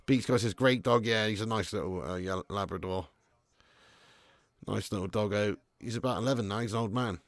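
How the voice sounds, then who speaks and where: A man's voice: lowish voice, brisk, no echo. A man hosting a casual live stream from his garage, reading viewer comments with laddish, swearing banter. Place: home garage studio.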